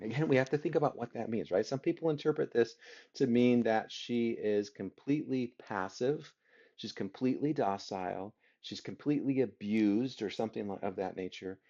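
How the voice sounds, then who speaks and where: Here a man with a dark tone, medium pitch, and moderate pace leads a literature class through a story. Over and over he checks in with rhetorical "right?" questions, and the lecture recording sounds dull and lo-fi.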